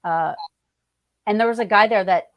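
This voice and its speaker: A woman guest telling a story in an animated, excitable way, restarting lines and swearing freely. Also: medium pitch, normal speed, no room sound, dull audio.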